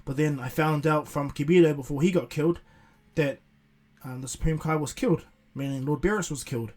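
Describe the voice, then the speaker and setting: Brief: man plays a commanding cat-like deity, gruff and husky. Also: a little high, fairly quick, a little mellow, lightly acted. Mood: imperious. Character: lazy imperious cat-like god, male.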